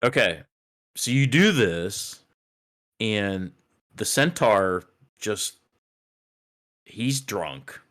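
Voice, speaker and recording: A man running a tabletop game as game master, rambling with many fillers as he narrates. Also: fairly low pitch.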